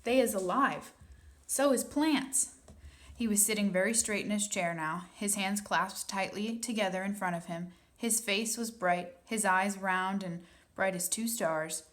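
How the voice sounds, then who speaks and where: A woman narrating a children's book in a calm, soft storytelling manner. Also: mid-range voice, moderate pace. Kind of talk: audiobook reading.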